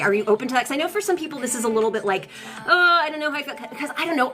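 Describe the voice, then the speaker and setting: A woman from Colorado doing a casual live-stream channeling session as a tarot reader, chatty and fast, swearing freely and greeting viewers in the chat. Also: a little high, fairly bright tone. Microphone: streaming setup.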